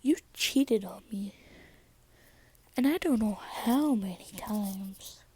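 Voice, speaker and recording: A woman's voice: mid-range voice, fairly even intonation, unhurried, mellow, breathy edge. A woman doing a short-tempered teenage boy. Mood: irritated. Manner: irritable, curt.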